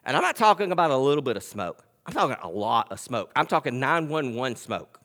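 A male pastor preaching a sermon. He swings between loud, emphatic scripture reading and quiet, conversational storytelling. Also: mid-range voice, sing-song, a little fast, long reverb tail. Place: church sanctuary.

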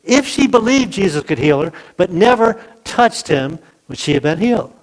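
A man's voice: sits high, very animated, normal speed, poor audio. Conversational male pastor preaching a sermon. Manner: conversational, asks the congregation questions, acts out quotes.

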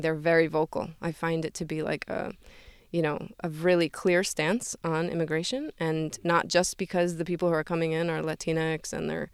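A woman's voice: low voice, level tone, normal speed, hardly any pauses, clean tone, dry recording. A woman speaking earnestly as an interview guest, talking freely with fillers like "like" and "right?". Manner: earnest, fluent, many fillers like 'like' and 'right?'. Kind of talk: conversational interview.

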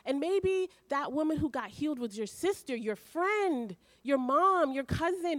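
A woman preaching a sermon to a small group, telling a personal story with animated strings of questions. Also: sits high, a little slow, few pauses, no echo. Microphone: handheld mic.

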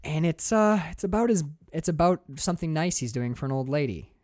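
A man, a podcast co-host, casually and profanely retelling a movie scene with lively energy. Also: on the high side, dry recording, studio quality. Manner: animated, profane, quick storytelling. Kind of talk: casual film discussion.

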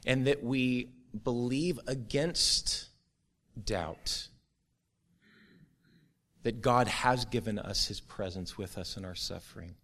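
A middle-aged man preaching a sermon to his church, earnest and building to a forceful, rising close. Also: medium pitch, takes it slowly, long pauses. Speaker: pastor.

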